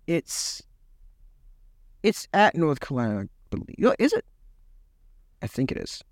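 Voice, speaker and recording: A man's voice: a little high, wildly swooping pitch, unhurried, dry recording, clean studio sound. A man co-hosting a sports podcast in casual chat, hesitant and full of fillers, with breezy slang. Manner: hesitant, lots of uh and I don't know, breezy slang. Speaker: podcast co-host.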